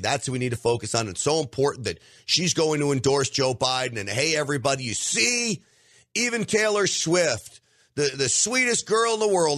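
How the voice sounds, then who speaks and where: A man's voice: medium pitch, fairly bright tone, dry recording, clean studio sound. A middle-aged man hosting a podcast, delivering an emphatic opinion monologue straight to his listeners. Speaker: podcast host.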